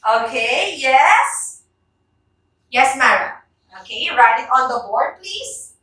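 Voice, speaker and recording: A woman teacher with a Filipino accent leads a lesson at an unhurried, deliberate pace. Her voice is high and bright, and she praises students as she drills them. She sounds distant, in a very echoey classroom. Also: animated. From Philippines. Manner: encouraging, drills words aloud with the class. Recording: roomy echo, voice from far off.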